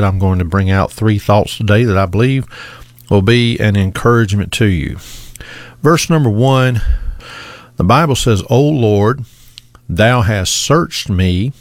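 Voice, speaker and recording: Guy preaching a sermon, lowish voice, slow earnest emphasis, dry close sound. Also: no echo. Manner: earnest, measured preaching with repetitions and emphatic stretched words.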